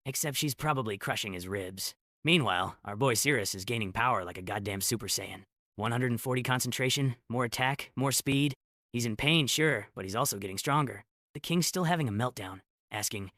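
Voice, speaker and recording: A man's voice: lowish voice, fairly quick, a bit bright, no room sound, clean studio sound. A man narrating a comic story recap with sarcastic asides.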